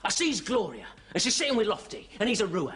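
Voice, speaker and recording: An exasperated army concert-party organiser in a 1970s sitcom. He is plain-spoken and often weary, and his mid-pitched voice rises and falls widely. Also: huge pitch swings, fast, fairly bright tone, exaggerated voice.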